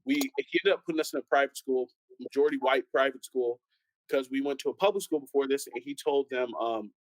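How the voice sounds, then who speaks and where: A man's voice: medium pitch, a little fast, no echo, rough recording. A young man and pastor's son telling stories in a casual panel chat, acting out the people he quotes. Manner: animated storyteller, acts out quoted voices.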